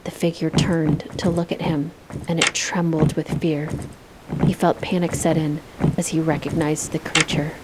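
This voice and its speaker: A woman voicing a calm character who tells ghost stories in a game, in an even, measured reading. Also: sits low, heavy background noise, lightly acted. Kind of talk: scripted storytelling in a game.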